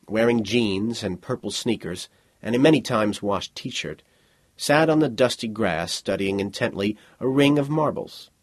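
Husky male audiobook narrator. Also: medium pitch, no echo. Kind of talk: scripted narration.

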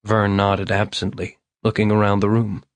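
Male audiobook narrator, measured delivery, dry studio sound. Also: lowish voice, monotone, no echo.

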